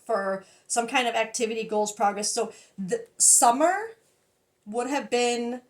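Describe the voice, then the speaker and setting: A woman with a high-pitched voice reads tarot cards for her viewers in a casual, chatty way. She gets excitable and emotional, often laughing and dropping sentences halfway through. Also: unhurried. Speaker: tarot reader. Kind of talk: casual tarot reading to camera.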